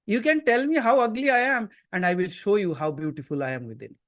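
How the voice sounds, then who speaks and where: An Indian-accented man leads a satsang from his seat before a gathering, his voice sitting unusually high for a man. He preaches in an earnest, emphatic way, firing rhetorical questions at his listeners and now and then slipping into Hindi. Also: quick pace, a bit bright. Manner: switches into Hindi mid-talk. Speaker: spiritual teacher. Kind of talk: satsang sermon.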